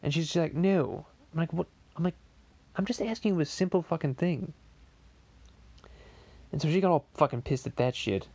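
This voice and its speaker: A man's voice: on the high side, expressive, normal speed, pauses often, darkish tone, husky, no echo. A man voicing Stewie as a podcast host, delivering a rambling, profane comedic monologue full of stammering restarts. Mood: ranting. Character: Stewie as a crude, ranting male podcaster.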